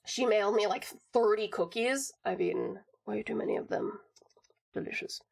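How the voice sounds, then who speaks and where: A woman's voice: mid-range voice, creaky, breathy edge. A young woman from Tasmania, Australia, chatting casually on a livestream, bubbly and giggly as she greets viewers and reads messages from chat. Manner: bubbly, giggly, fast-switching, swears casually. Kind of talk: casual live-stream chat, reading chat messages.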